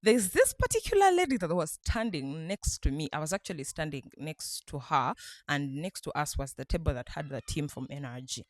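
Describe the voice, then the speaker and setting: A woman vlogger from Uganda excitedly retelling a night out, laughing often as she talks. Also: sits low, moderate pace, no echo. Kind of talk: casual storytelling vlog.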